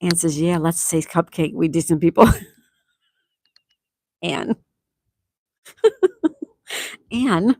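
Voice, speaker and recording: A woman's voice: lowish voice, takes it slowly, pauses often, a little mellow, dry recording, studio quality. A middle-aged woman hosting a casual livestream, reading viewer comments aloud in an affectionate, chatty way and laughing often. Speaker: livestream host reading chat. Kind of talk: casual live chat.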